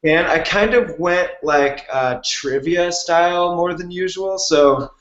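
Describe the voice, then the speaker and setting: A man's voice: high-pitched, measured pace, fairly bright tone. A man hosting an interview show, asking rambling, friendly questions full of fillers. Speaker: podcast host. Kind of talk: casual interview chat. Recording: roomy lo-fi remote audio.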